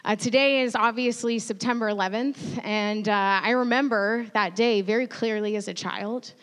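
A woman in her thirties preaching a sermon, telling a personal story earnestly and growing quietly emotional at times. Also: a little high, fairly even intonation, normal speed. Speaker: pastor. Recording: long reverb of a large hall.

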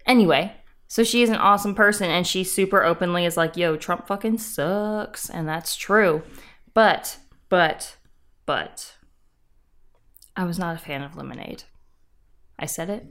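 A woman's voice: lowish voice, moderate pace, pauses often, a bit bright. Blunt, emphatic young woman. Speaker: podcast co-host. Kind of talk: casual chat.

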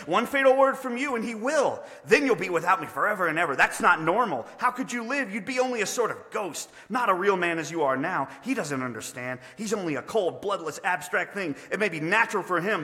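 A man's voice: high voice, lively intonation, a little fast, few pauses, pushed and bright, voice pushed up. A man voicing a sly lizard that coaxes and wheedles urgently. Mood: wheedling. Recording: long reverb of a large hall.

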